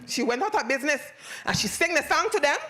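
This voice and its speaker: A woman with a Virgin Islands Creole accent telling a folktale aloud in a lively, call-and-response way. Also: high voice, fast. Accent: Virgin Islands Creole English. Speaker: storyteller.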